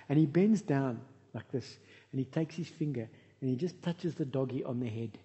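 A man preaching a sermon as pastor, telling lively stories with humorous asides. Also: mid-range voice, moderate pace. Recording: reverberant hall, dull lo-fi sound.

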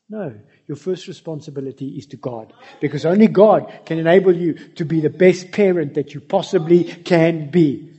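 A man's voice: on the high side, normal speed, dark tone, breathy edge, muffled recording. A man preaching a sermon, telling stories and speaking directly to the congregation. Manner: storytelling, addresses the congregation directly.

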